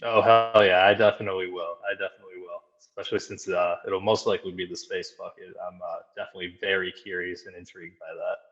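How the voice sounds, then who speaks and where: A man's voice: low-pitched, fairly even intonation, a bit bright, dull audio. A man talking as a podcast guest in casual chat, upbeat and agreeable. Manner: upbeat, agreeable, quick to say hell yeah.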